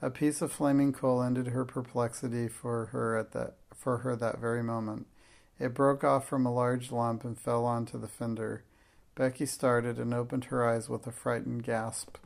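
Gravelly male audiobook narrator. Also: medium pitch, little pitch movement, moderate pace.

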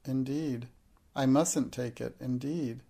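A man's voice: mid-range voice, steady tone, slow, gravelly, warm tone. A man reading a storybook, voicing a proud, well-bred little girl who speaks politely and with refinement. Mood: flustered.

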